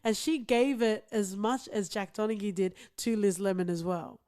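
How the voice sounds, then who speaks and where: A woman co-hosting a casual podcast chat. Her voice sits in an everyday middle pitch. She talks loosely, padding her thoughts with fillers and quick laughs. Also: warm tone. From outside the United States. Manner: chatty, many fillers and giggles. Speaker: podcast co-host.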